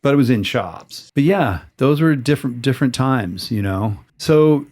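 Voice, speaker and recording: Expressive and a little mellow, his mid-range voice holds a moderate pace as this American hosts a casual interview near a tattoo shop in San Diego. The talk is loose and rambling, with many restarts and an occasional curse.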